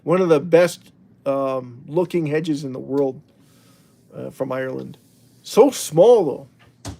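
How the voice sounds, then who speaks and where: A man's voice: mid-range voice, fairly even intonation, unhurried, gravelly, a little mellow. A man hosting a casual livestream, rambling and chatty as he reads out the chat. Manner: rambling, chatty, with frequent restarts and laughs. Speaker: livestream host.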